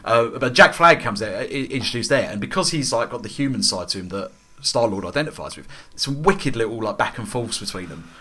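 A man's voice: medium pitch, expressive, brisk, hardly any pauses, pushed and bright, slightly rough. A young man chatting enthusiastically about comics, rambling with lots of fillers and restarts. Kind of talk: casual chat about comics.

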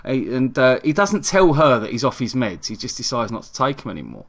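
A man casually chatting about a film, animated and laughing often, with many restarts. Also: mid-range voice, fairly quick, gravelly. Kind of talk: casual chat.

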